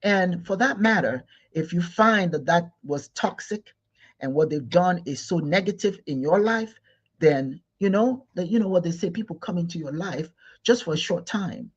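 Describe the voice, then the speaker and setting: A man from Igbo Nigeria leads a spiritual talk in a somewhat high, husky voice. He stresses his points by repeating himself and restarting mid-phrase. The recording is dull and lo-fi. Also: animated, moderate pace. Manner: repetitive, emphatic, many restarts. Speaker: spiritual teacher.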